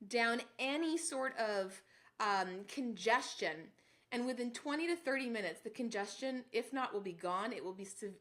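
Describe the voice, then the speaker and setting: A woman hosting a casual health live stream, animated and talking to her viewers while she exclaims and curses at the cold. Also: a little high. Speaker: health show host.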